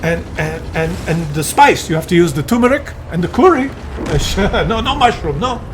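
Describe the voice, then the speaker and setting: A man's voice: high voice, animated, moderate pace, noisy background, voice pushed down. A man voicing a chatty, nosy tradesman who insists on giving cooking advice in broken phrases. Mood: insistent.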